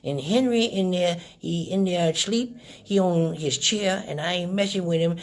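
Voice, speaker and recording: A man's voice: high voice, normal speed. A man voicing a cranky, stubborn old country woman who keeps mishearing a telemarketer.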